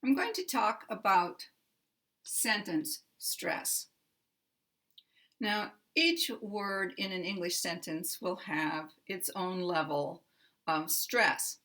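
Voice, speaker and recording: A woman teaching English pronunciation, explaining sentence stress in a careful, measured way. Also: fairly low pitch, sharp tone. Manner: careful, measured delivery stressing words for demonstration. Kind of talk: slow, deliberate instructional explanation.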